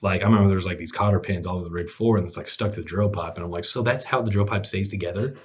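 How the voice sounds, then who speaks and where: A man's voice: low-pitched, very fast. A man who hosts a podcast, telling casual stories with lots of restarts and fillers, laughing at his own jokes. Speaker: podcast host, guest this episode. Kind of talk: casual storytelling chat. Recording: dull lo-fi sound.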